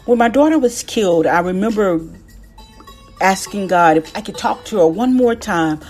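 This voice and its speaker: Brief: middle-aged woman, spiritual testimony, slow and emotional, repeats her lines, soft music behind. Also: medium pitch, animated. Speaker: inspirational speaker.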